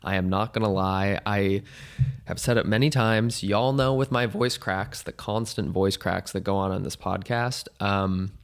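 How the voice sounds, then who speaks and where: A young man hosting a casual solo podcast, his voice hoarse and weak, rambling along in a jokey, self-deprecating way. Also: on the low side, unhurried. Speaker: podcast host.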